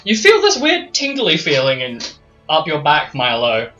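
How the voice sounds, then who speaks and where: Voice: mid-range voice, huge pitch swings, a little slow, bright, forceful tone, faint music behind. A game master casually narrating a tabletop game, rambling and restarting often. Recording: dull lo-fi mic.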